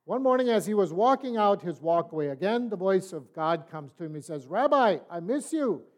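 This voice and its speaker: An older man teaching a Bible study in a relaxed, folksy, conversational way, telling stories. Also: sits high, fairly quick. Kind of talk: sermon-style storytelling and teaching.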